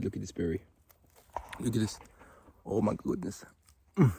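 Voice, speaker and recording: Out in a forest on a hot day, a Norwegian vlogger with a Norwegian accent gushes his way through a casual walking vlog, excitable and rambling with plenty of fillers. His voice sits on the low side, gravelly, at a moderate pace, and the recording is very noisy.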